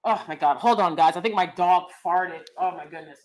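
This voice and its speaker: A woman's voice: lowish voice, normal speed, a little mellow, a little hiss or hum. A woman, hosting a casual opinionated livestream, blunt and sassy, laughing often. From United States. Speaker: livestream host reading chat.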